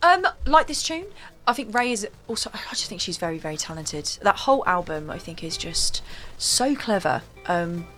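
A bubbly woman, chatting as a radio guest, her pitch rising and dropping expressively. She's giggly and quick to joke back. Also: very animated, fairly bright tone, faint music behind. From North London, England. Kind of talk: casual chat on air.

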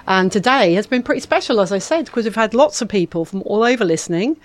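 A woman's voice: mid-range voice, animated, quick pace. A woman presenting local radio from a studio, bubbly and chatty with lots of fillers as she signs off. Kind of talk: live radio chat, signing off. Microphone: studio microphone.

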